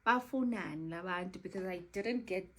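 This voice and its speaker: A South African woman retelling a scam call in a casual storytime vlog, animated and exasperated. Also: fairly low pitch, moderate pace.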